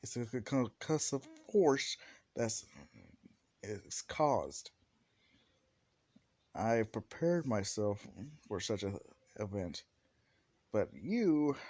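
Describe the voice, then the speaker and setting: A man's voice: mid-range voice, dark tone, no room sound. A man voicing a cocky teenage boy hero who mockingly taunts his rival in a casual fan story. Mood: smug. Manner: mocking, teasing.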